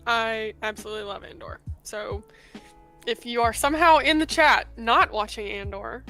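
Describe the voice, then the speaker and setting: A woman guest on a casual live podcast chat, chatty and quick to enthuse. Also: on the high side, sharp tone, faint music behind.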